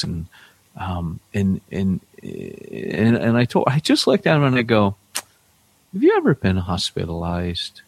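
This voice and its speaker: A church planter co-hosting a podcast chats casually and tells stories animatedly, acting out other people in a raised, high voice. His own voice is gravelly and husky, with no room sound.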